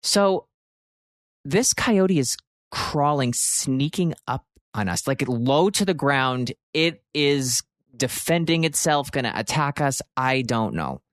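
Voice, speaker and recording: Guy from pennsylvania telling a wild story on his podcast, super expressive, swears a lot, dry close mic. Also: medium pitch, slow, no room sound. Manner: expressive, swearing, jumps into shouted quotes. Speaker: podcast host. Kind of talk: animated storytelling.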